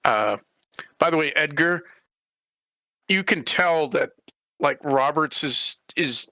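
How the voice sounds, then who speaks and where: A man's voice: a little high, slow, pushed and bright, no echo. A man running a tabletop game as game master, narrating in a rambling way and voicing characters.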